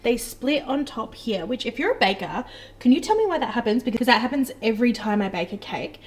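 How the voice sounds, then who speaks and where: A woman's voice: a little high, big pitch swings, fairly quick, slightly rough. A young woman, chatting casually and upbeat to camera in a vlog. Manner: chatty and upbeat, coos at her dog. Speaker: vlogger.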